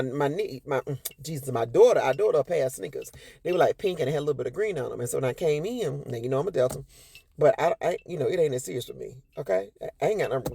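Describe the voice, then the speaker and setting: A quick, sassy woman tells a family story straight to her followers. Her voice is gravelly and husky, and she jumps up high in pitch whenever she acts out what someone said. The sound is dry and close, with no room around it. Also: mellow, dry recording. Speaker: vlogger telling a personal story.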